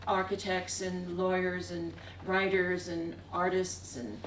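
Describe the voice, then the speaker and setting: A woman's voice: fairly low pitch, level tone, slow. A woman stands at the front of a museum gallery and tells a long, wandering story about her travels as an artist. She chuckles often as she goes. She is far from the mic, and her voice echoes around the room over a faint hiss. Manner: meandering, with frequent chuckles. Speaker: artist giving a talk. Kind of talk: anecdotal storytelling.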